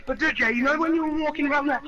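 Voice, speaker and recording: A man teasing his opponent during casual gaming banter, excitable and swearing freely. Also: very high-pitched, very fast, far from the mic, dull audio. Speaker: gamer.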